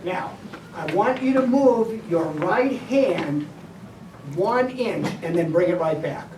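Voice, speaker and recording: A woman's voice: on the low side, lively intonation, takes it slowly. Woman teacher, directive and step-by-step, recorded from across an echoey classroom. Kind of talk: classroom behavior lesson. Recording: echoey room, distant mic, background noise.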